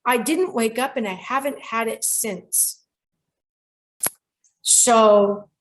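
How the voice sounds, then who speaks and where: An older woman hosting a talk show about dreams, telling a client's story and acting out the quoted voices. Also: mid-range voice. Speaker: show host, dream expert.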